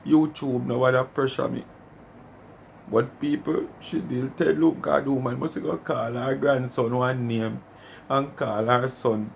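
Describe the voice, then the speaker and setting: A man's voice: mid-range voice, fairly even intonation, a little slow, creaky, a little hiss or hum. A man with a Jamaican accent giving chatty commentary on a clip in patois. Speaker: commentary host.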